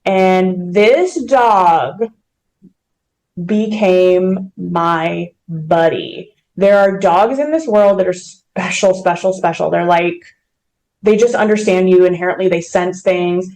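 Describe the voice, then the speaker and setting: A woman's voice: lowish voice, takes it slowly, a little mellow, rough recording. A woman being interviewed as a guest, earnestly telling a personal story with vivid detail. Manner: earnest, emotional, vivid retelling. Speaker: mortgage company president, podcast guest.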